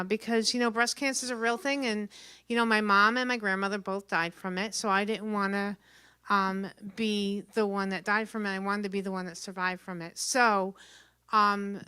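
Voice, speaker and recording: A woman's voice: medium pitch, sharp tone, clean tone, no room sound. A woman from New Jersey doing a blunt, brash stand-up comedy set at an open mic. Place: small venue open mic.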